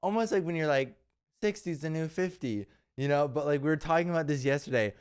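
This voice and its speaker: A young man co-hosting a casual podcast chat, joking and animated. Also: fairly high pitch, brisk, smooth. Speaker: podcast co-host.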